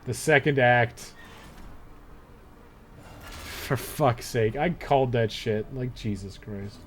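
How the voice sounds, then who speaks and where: A man's voice: medium pitch, slow, a little hiss or hum. A young man playing a dungeon game on a live stream, muttering and swearing through casual commentary. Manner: laid-back, swears a lot, muttering asides.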